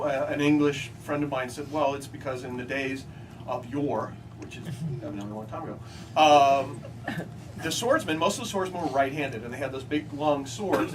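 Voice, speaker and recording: At a book signing, an American man gives a comic talk to a live audience, delivering deadpan anecdotes and jumping into high voices to mimic others. The bookstore event space is picked up on a distant mic, with loud crowd and room noise and audience laughter.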